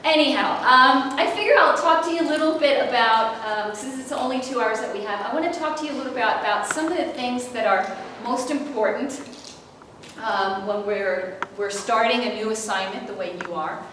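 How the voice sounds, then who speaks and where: A woman trainer talks to a group in an echoey room, her pitch sitting a little high. She is picked up from a distance with noise underneath, and she laughs easily and keeps quizzing the audience. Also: brisk. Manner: lively, laughs often, asks the audience questions. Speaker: intercultural trainer. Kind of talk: presenting a workshop.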